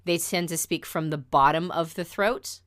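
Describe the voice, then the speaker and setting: Teaching personality types in a relaxed, conversational way, a low-voiced woman grows flatter and more deliberate when driving a point home.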